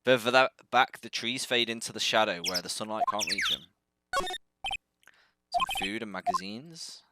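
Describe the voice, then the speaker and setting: A man's voice: lowish voice, huge pitch swings, unhurried, heavy background noise. Man casually reading game text aloud. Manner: casual, playful read. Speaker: streamer. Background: loud game music.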